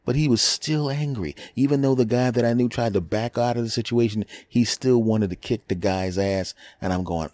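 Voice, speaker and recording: A man's voice: mid-range voice, moderate pace, few pauses, darkish tone, no echo. A man hosting his own podcast, telling a rambling, self-mocking comic story and acting out the voices of the people in it. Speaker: podcast host. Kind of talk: comedic storytelling monologue.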